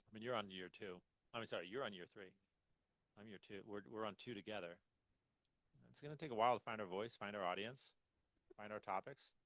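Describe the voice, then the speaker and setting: A man's voice: lowish voice, a little fast, long pauses, a bit bright, no room sound, low-quality recording. A man hosting a podcast, chatting casually with thoughtful, wry asides into a close mic. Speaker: podcast host. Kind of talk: casual chat.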